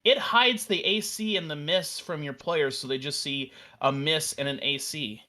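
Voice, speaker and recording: A man casually walking through a software demo on a live stream, enthusiastic and rambling, with fillers and restarts. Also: fairly high pitch, normal speed. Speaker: developer demoing a virtual tabletop.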